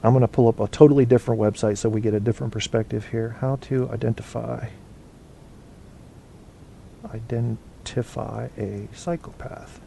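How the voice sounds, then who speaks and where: Male host, casual live chat show, mellow warm tone, rambling and profane. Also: medium pitch, level tone, moderate pace, gravelly, a little hiss or hum. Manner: rambling and profane, thinking aloud. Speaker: internet radio host.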